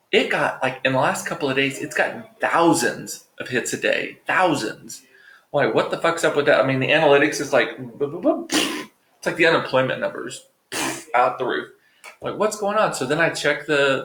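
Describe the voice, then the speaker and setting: A man talks straight to his viewers in a loose, rambling vlog monologue, swearing freely and tossing in jokes and asides. His voice sits at a middling pitch. The sound carries a noticeable roomy echo. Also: vocal fry, a bit bright. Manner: profane, joking, rambling asides. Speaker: vlog host. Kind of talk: casual chatty monologue to viewers.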